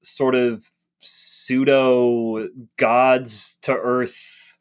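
A man's voice: mid-range voice, little pitch movement, very slow. A man co-hosting a podcast, giving a casual, wry take on a film with hesitant restarts. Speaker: podcast co-host. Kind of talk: casual film review chat.

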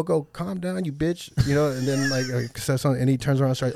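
A man's voice: medium pitch, quick pace, creaky, hardly any pauses, dry recording. A man from Washington, D.C., a comedian guest on a podcast telling stories in a loose, profane way, jumping into raised voices when he plays the people in them. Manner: profane, animated, acts out people in the story with a raised voice. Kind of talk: casual podcast storytelling.

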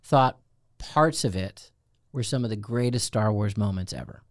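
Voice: mid-range voice, normal speed, no echo, clean studio sound. A professor co-hosting a podcast, chatty, playful and enthusiastic in casual talk. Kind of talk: casual chat.

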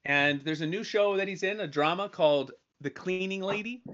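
A man's voice: high-pitched, moderate pace, fairly bright tone, muffled recording. A man chatting casually as a podcast co-host, rambling with many fillers and restarts. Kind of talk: casual chat.

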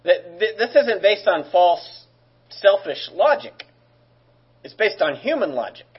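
A man's voice: high-pitched, sing-song, unhurried, slightly rough, muffled recording. A man preaching as a pastor, in a conversational way with joking asides. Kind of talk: sermon.

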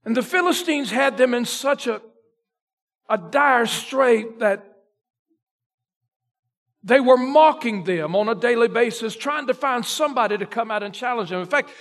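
A male pastor preaching a sermon, retelling a story dramatically and swinging between loud emphasis and a near hush. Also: very high voice, normal speed, faint music behind.

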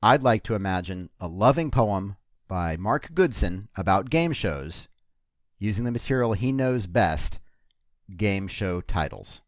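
Low-voiced guy hosting a comedy podcast, slow and dry. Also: animated, no echo.

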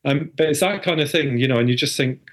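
A middle-aged man, guesting on a podcast hosted by his spouse, chats casually and acts out family conversations while telling stories. He has a mid-range voice and talks fast.

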